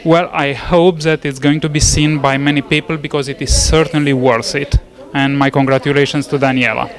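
A man visiting an exhibition answers interview questions in a measured, polite, thoughtful way. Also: fairly high pitch, little pitch movement, faint music behind. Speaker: guest at an exhibition. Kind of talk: casual interview. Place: art gallery opening.

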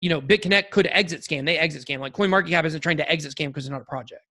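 A man's voice: on the high side, racing, bright, forceful tone. A man co-hosting a podcast in casual chat, rambling and joking with lots of restarts and fillers. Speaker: podcast co-host.

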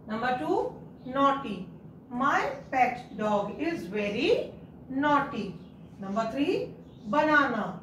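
A woman's voice: on the high side, expressive, takes it slowly, slight background noise. A woman teacher, patiently guiding young children through a writing lesson, repeating and spelling words out. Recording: echoey room, mic at a distance.

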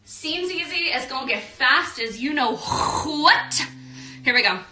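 A young American woman teaches a live online dance class, counting beats aloud and singing out the steps. Her high voice is expressive, pushed and bright, and a little slow, with a little hiss or hum. She's in a roomy studio with the mic at a distance.

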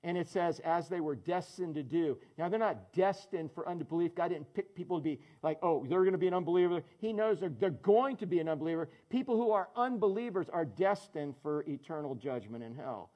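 A man's voice: a little high, brisk, hardly any pauses, darkish tone, muffled recording. A man preaching a sermon as pastor, conversational and joking, calling on people in the congregation by name. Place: church in front of a congregation.

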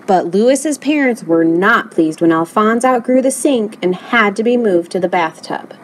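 Reading a children's picture book aloud, a woman with a mid-range voice performs it expressively and with animation at a normal speed. The recording is low quality, with slight background noise.

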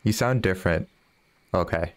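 A man's voice: sits low, moderate pace, dry recording. A man chatting casually with viewers while streaming a fishing game, often laughing and reading their messages aloud. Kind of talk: casual live-stream chat.

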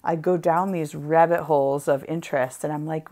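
A woman hosts a casual craft livestream, chatting while stamping in a playful, giggly, drawn-out way. Her voice sits low and mellow with fairly even intonation.

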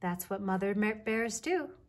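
A woman voicing a patient mother bear in a children's storybook reading, calm and reassuring as she kindly explains things, with a breathy voice. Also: mid-range voice, a little slow, a little hiss or hum, close to an everyday voice. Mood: gentle, reassuring.

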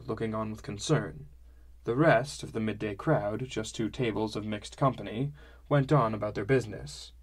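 A man narrating a fantasy audiobook in the first person, in a measured storytelling manner. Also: lowish voice.

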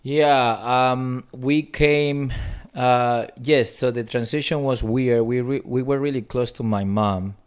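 Thirties guy from peru, mixed peruvian spanish accent, thoughtful, lots of restarts, middle pitch. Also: steady tone, takes it slowly, hardly any pauses, a little mellow, clean tone. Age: 30s. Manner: reflective, frequent restarts and fillers. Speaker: guest philosopher. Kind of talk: casual interview chat.

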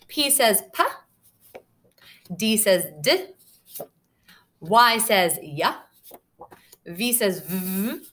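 A young woman teaching small children their letters, with a bright, clear tone. She draws out every sound slowly and with exaggeration. Her praise rises in a sing-song lilt. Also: medium pitch. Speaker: kindergarten teacher. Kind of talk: online phonics lesson for young children.

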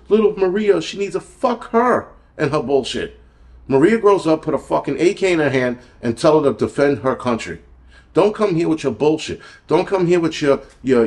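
A man's voice: mid-range voice, darkish tone. A middle-aged man, hosting his own video and ranting in a heated, profane, blunt way. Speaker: video host. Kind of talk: angry political rant.

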